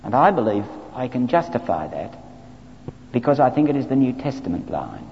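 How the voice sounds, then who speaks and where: A man from Australia, a clergyman, giving an animated, wry, anecdotal training talk to a group. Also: mid-range voice, moderate pace, creaky, slight background noise. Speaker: clergyman teaching evangelism training. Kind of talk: lecture-style talk to a group. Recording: dull lo-fi recording in a reverberant hall.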